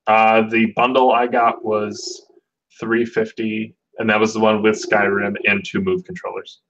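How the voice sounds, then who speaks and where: A man's voice: on the low side, level tone, noisy background. Rambling man host on a lo-fi call. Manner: rambling, halting, lots of fillers. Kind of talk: casual chat. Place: online video call. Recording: dull lo-fi audio.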